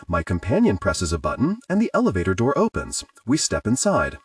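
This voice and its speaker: A man narrating an audiobook in an animated, wry storytelling manner, on a close mic. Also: on the low side, brisk, slightly rough, soft background music.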